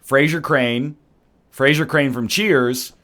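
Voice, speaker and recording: A man's voice: mid-range voice, takes it slowly, fairly bright tone. A Canadian man giving rambling, sarcastic commentary while playing a game. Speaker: let's play streamer. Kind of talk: casual gaming commentary.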